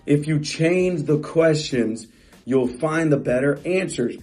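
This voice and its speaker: A man's voice: a little high, slow pace, darkish tone, faint music behind. A middle-aged man coaching real estate agents in a motivational talk, emphatic and repetitive, often restarting phrases.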